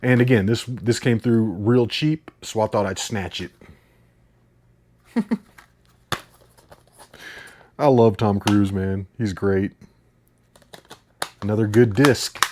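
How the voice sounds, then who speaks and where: A man's voice: on the low side, slow, pauses often, a little mellow. Enthusiastic man rambling over an unboxing. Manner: enthusiastic, rambling, laughs often. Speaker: host. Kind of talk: casual unboxing chat.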